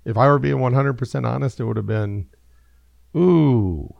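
A middle-aged man with a gravelly, fry-edged voice hosts a casual talk show, rambling through thoughts on parenting and laughing easily. His delivery is loose and self-deprecating. The sound is dry and close, like a studio mic. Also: mid-range voice, quick pace, no echo, dull audio. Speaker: radio show host and father.

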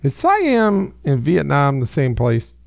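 Jokey male co-host, slow gravelly delivery, dry close recording. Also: medium pitch, huge pitch swings, background noise. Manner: jokey, prone to silly voices. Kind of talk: casual chat.

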